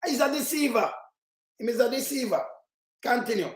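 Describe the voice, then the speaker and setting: A man's voice: very high-pitched, animated, moderate pace, echoey room. A Jamaican man giving heated, mocking commentary in patois as he reacts to played clips. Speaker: political commentator.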